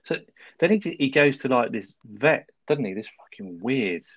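A man, co-hosting a casual film review chat, recapping the plot in a relaxed way and laughing often. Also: medium pitch, moderate pace, breathy edge, no echo, lo-fi sound. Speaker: podcast co-host.

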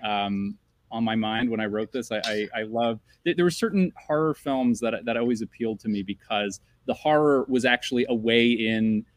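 A male screenwriter guest speaking thoughtfully, halting as he gathers his ideas. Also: medium pitch. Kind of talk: thoughtful conversation.

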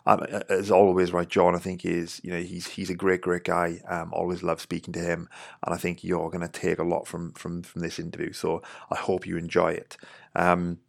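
A man's voice: low-pitched, completely flat delivery, normal speed, creaky, no room sound, clean studio sound. A man in his thirties from England, hosting a podcast in a loose, chatty way, rambling with many "you know"s. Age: 30s. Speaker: podcast host. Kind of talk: casual podcast chat.

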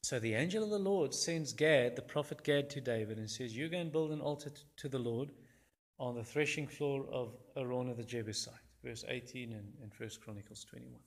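A man preaching a sermon, constantly citing verse references and acting out the quoted voices with sudden jumps in pitch and volume. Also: a little fast.

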